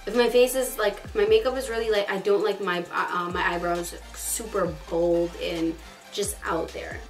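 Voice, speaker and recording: Quick chatty girl doing a makeup vlog, says like a lot, mic kinda far off. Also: medium pitch. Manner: fast-talking, chatty, lots of "like". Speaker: beauty vlogger. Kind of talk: casual makeup tutorial chat. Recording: distant mic, faint background music.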